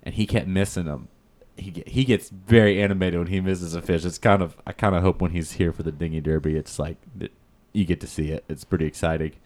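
A man's voice: deep voice, fairly even intonation, brisk, hardly any pauses, a little mellow. A man casually telling a rambling fishing story in a chat, full of fillers and quoted dialogue.

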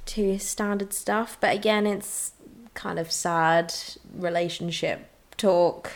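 A woman's voice: on the low side, steady tone, takes it slowly. A woman co-hosting a casual music chat, chatty and loose, swearing casually and leaning on fillers, with a sinus infection. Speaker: podcast co-host.

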